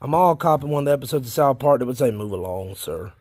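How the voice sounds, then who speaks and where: A man with a voice on the high side races through his words, and there's no echo. He's a worm farming vlogger from South Carolina, folksy and rambling, easily excited as he films his worm bins and chats casually.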